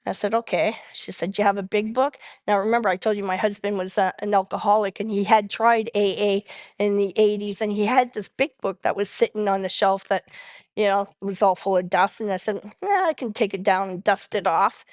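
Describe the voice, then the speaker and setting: A woman's voice: mid-range voice, brisk, dry recording, clean studio sound. A woman giving a personal recovery testimony as the main speaker at a convention, telling her story vividly and acting out the dialogue. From Canada. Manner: animated storyteller who acts out quoted dialogue.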